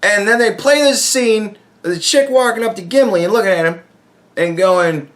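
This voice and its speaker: Swearing, animated ranting man. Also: sits high, moderate pace. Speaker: podcast host. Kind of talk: profane ranting monologue.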